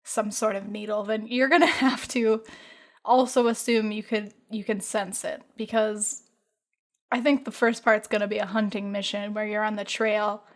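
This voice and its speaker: A woman co-hosting a casual podcast chat, giggling as she pitches a silly game idea. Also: level tone, moderate pace. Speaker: podcast co-host.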